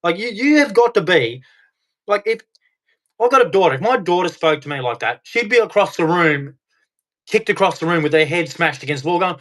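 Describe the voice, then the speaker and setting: A man's voice: high-pitched, lively intonation, a little fast, a bit bright. A middle-aged man hosting a reaction video, ranting angrily at clips with heavy swearing. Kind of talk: angry reaction commentary.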